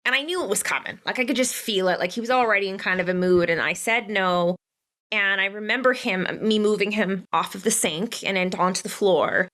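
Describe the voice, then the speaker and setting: Woman podcast host, mid-pitched, chatty and anecdotal. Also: brisk, fairly bright tone. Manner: chatty, tells personal stories with asides. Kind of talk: conversational interview.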